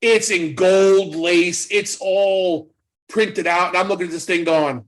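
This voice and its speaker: Middle-aged male ex-wrestler, lively anecdote teller, voice sits a bit high. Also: slow, low-quality recording. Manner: animated storyteller acting out quoted dialogue. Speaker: former pro wrestler, guest. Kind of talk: casual storytelling interview.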